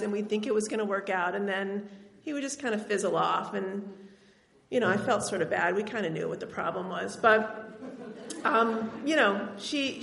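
A woman's voice: medium pitch, vocal fry, fairly bright tone. A woman from Tennessee telling a personal story on stage, in a conversational, wry way with bits of laughter. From Tennessee, US South. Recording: roomy hall reverb.

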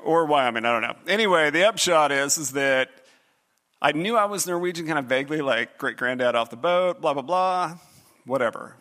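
A middle-aged man telling a comic personal story, animated, jumping into other voices and pitches as he goes. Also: normal speed.

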